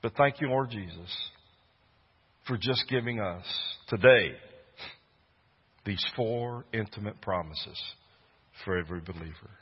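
A man preaches with earnest conviction, rising to loud, fervent peaks. His voice is a touch husky, and the sound is muffled and lo-fi. Long reverb from a large hall trails after his words. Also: on the low side, measured pace, long pauses. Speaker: pastor. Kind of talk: sermon.

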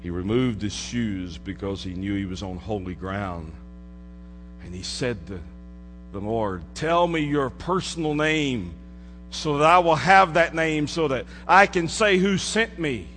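A man preaching a sermon in a church, dropping to hushed low asides and rising to emphatic declarations. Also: a little slow. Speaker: pastor. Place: church sanctuary. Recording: hall reverb with mains hum.

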